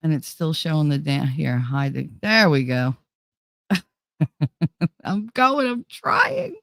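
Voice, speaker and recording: A woman's voice: deep voice, sing-song, slow pace, creaky, a bit bright, no echo, studio quality. Blunt, swearing woman livestream host. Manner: blunt and profane, reading chat aloud. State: tired, running on fumes. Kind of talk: casual livestream chat.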